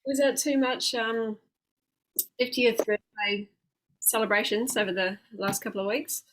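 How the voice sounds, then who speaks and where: A woman with a New Zealand accent hosting a casual interview as a coach, chatty and halting with many fillers. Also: a little high, noisy background. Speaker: host, weight loss coach.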